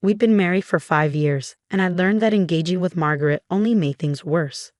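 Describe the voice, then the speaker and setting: A woman reading a first-person story as scripted narration, in an even, measured storytelling manner. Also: on the low side, no echo, studio quality.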